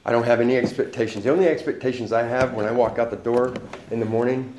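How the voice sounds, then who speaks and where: A man's voice: medium pitch, steady tone, fast talker, a little mellow, roomy sound, slight background noise. A man giving a candid, profane personal testimony at a recovery meeting, laughing often.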